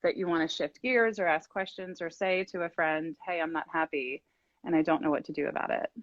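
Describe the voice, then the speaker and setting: A woman's voice: low voice, fairly even intonation, brisk, no room sound. Middle-aged woman host and coach, encouraging and chatty; muffled, dry live-stream audio. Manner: encouraging, affirming, talks at length. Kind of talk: casual live-stream chat. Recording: dull lo-fi dry sound.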